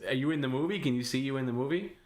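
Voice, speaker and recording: A man's voice: mid-range voice, very fast, darkish tone. A man hosting a live stream, teasing his guest and laughing often. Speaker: stream host. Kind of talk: casual live stream banter.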